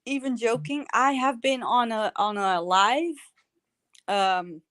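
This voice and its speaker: A woman's voice: on the high side, takes it slowly, a bit bright, no echo. A woman joining a livestream as a panel guest, chatting casually and laughing easily.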